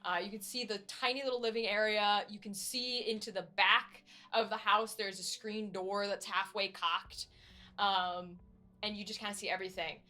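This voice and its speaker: A woman's voice: mid-range voice, fairly even intonation, moderate pace, sharp tone. A woman narrating as game master, describing scenes casually with many fillers.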